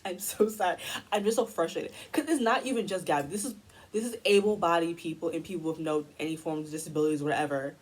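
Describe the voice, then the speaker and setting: A woman's voice: fairly low pitch, fast, low-quality recording. A young woman ranting heatedly in a commentary video, profane and exasperated. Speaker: commentary YouTuber.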